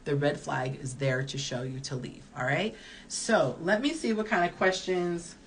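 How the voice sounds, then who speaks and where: A woman's voice: deep voice, steady tone, normal speed, a little hiss or hum. A woman in her early forties, a dating coach, giving candid advice in a chatty live-stream Q&A while reading viewer comments aloud. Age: early 40s.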